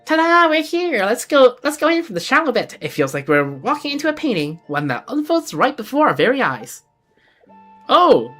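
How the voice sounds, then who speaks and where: A woman voicing a tiny, bubbly female floating companion sprite in a game, speaking in an excited, chirpy way. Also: high voice, normal speed, faint music behind, pitched above the performer's own voice, full character voice.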